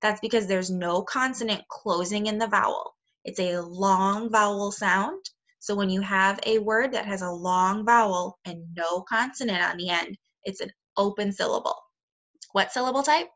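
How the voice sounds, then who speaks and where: A woman with a bright, clear, mid-range voice teaches a remote phonics lesson to second graders over a muffled recording. She speaks slowly and plainly, sounding out words and giving the children frequent, encouraging praise.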